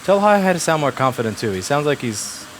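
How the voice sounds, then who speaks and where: A shop owner lays down the rules to his staff in a blunt, profane rant. His man's voice sits a little high. Faint background noise runs under the talk. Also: big pitch swings, quick pace. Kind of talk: casual workplace talk. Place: repair shop.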